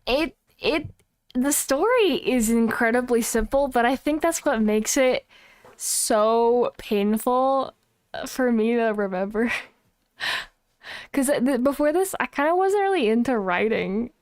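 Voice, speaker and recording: A woman's voice: on the high side, animated, measured pace, no room sound, clean studio sound. A young woman chatting casually on a livestream, flustered and self-mocking as she sets things up. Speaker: streamer.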